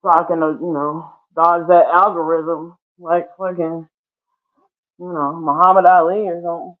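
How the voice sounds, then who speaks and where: A woman's voice: on the low side, level tone, moderate pace. Chatty woman on a tinny live stream. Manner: chatty, laughs often, playful asides. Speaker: livestream host. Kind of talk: casual live-stream chat. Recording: tinny phone-like sound.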